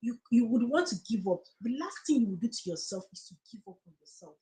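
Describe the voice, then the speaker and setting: A woman's voice: fairly high pitch, lively intonation, quick pace, dark tone, low-quality recording. A woman with a Nigerian accent giving earnest, preachy encouragement on a live stream, repeating phrases for emphasis. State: tearful, close to crying. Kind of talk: motivational live-stream talk.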